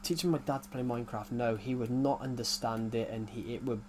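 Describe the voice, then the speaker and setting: A man's voice: mid-range voice, fairly even intonation, fairly quick, heavy background noise. Rambling English man chatting casually. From United Kingdom. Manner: rambling, with many restarts. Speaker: gaming YouTuber. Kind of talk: casual chat while playing a game.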